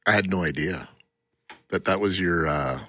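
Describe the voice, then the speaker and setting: Low-voiced male co-host with dry quips. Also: normal speed, a bit bright, no room sound. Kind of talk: casual chat.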